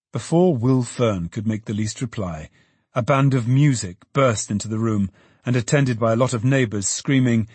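A man narrating a classic novel in an expressive storytelling manner. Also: fairly low pitch, normal speed, slightly rough, no echo. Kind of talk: audiobook narration.

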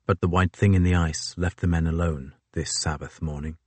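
Deep-voiced male audiobook narrator. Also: fairly even intonation, moderate pace, dry recording. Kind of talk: scripted narration.

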